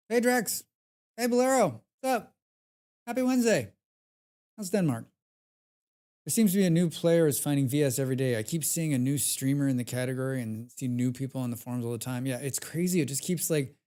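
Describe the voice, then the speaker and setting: A male game streamer talking to his live chat in a loose, rambling way, full of fillers and restarts. His voice sits at an ordinary middle pitch and picks up energy when he gets into a story about his play. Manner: rambling, filler-heavy, reads chat aloud; grows animated when recounting gameplay.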